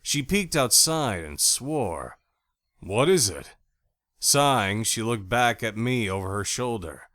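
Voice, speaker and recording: A man narrating a first-person audiobook in an expressive, animated reading style on a close studio mic. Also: fairly low pitch, slow, dry recording.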